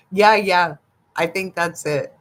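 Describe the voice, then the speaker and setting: An older woman talks to her livestream viewers in an easy, drawn-out way, taking her time between thoughts. She is gossipy and quick to giggle, and she answers the chat as if among friends. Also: on the low side. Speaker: livestream host. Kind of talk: casual live chat with viewers.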